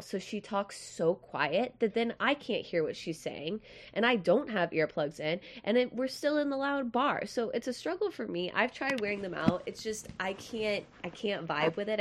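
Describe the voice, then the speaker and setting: Nasal woman chatting on a podcast. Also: medium pitch. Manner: chatty, animated, self-deprecating. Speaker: podcast host. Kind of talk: casual podcast chat.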